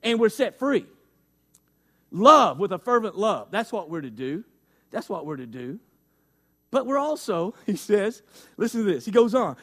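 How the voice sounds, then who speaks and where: High-voiced man preaching a folksy sermon. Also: lively intonation, unhurried, fairly bright tone. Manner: folksy, repeats phrases for emphasis, talks directly to the congregation. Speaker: pastor.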